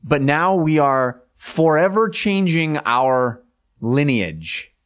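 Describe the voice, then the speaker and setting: A man's voice: a little high, big pitch swings, slow pace, fairly bright tone, clear, resonant tone. A man co-hosting a casual chat, earnest and a bit hesitant, often laughing.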